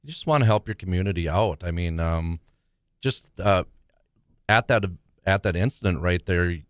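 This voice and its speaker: A man's voice: low voice, moderate pace, clear, resonant tone, no echo. A man who is a firefighter guest, giving brief, modest answers in a studio interview.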